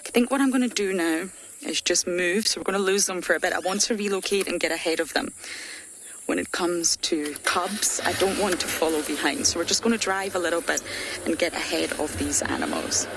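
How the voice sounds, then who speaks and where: A woman safari guide giving lively live commentary from an open vehicle on a game drive, laughing often. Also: fairly low pitch, brisk. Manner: chatty, animated, laughs often. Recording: noisy outdoor broadcast, vehicle and ambience.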